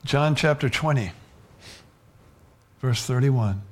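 A man preaching a sermon, building from low, even talk to loud fervor and at times dropping to a whisper. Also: takes it slowly, breathy edge.

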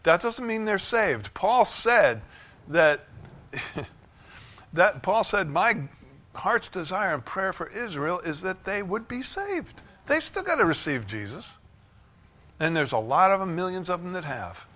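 Male pastor, fervent sermon delivery, bright forward tone, dynamic swings from hush to shouts. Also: very animated, unhurried. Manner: fervent, rising to shouts of joy then dropping low. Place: church sanctuary.

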